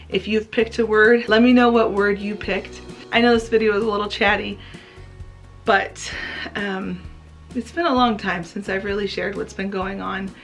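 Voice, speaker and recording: A woman talks straight to her viewers in an earnest, heartfelt way. Her voice sits at a middle pitch, and a faint bed of music plays under it. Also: a bit bright. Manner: earnest, emotional, tearful at times. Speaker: craft vlogger. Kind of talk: heartfelt personal vlog talk.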